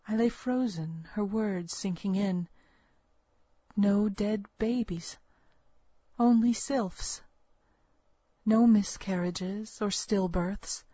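A woman narrating a first-person story with a measured, earnest storytelling manner. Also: mid-range voice, warm tone, slightly rough, no echo. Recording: dull, lo-fi, dry recording.

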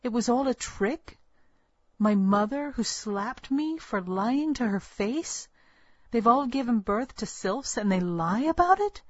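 A woman playing a young pregnant woman from a storybook, defiant and accusing. Her voice sits higher than the reader's own, with a breathy, husky tone. The take is dry and slightly muffled. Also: expressive, a little slow, dry recording. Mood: indignant. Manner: accusing, demanding. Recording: dull, lo-fi, dry recording.

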